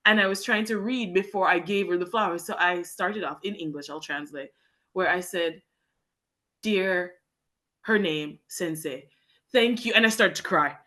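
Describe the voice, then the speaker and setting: On a podcast, a young woman from Jamaica candidly recounts her time teaching English in Japan. Her lowish voice sounds pushed and bright, and she talks a little slowly. Earnest and heartfelt, she tends toward long, meandering sentences.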